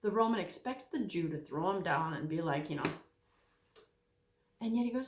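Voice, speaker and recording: A woman teaching scripture in a chatty, animated way, her pitch swinging widely as she acts out quoted voices. The sound is roomy, with a clear echo around her voice. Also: moderate pace, long pauses, noisy background. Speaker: Bible teacher. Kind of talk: casual Bible teaching talk.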